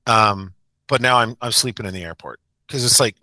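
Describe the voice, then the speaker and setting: A man's voice: lowish voice, normal speed, pushed and bright, no room sound. A man who coaches a sports team, telling a rambling, self-mocking story in a casual podcast chat.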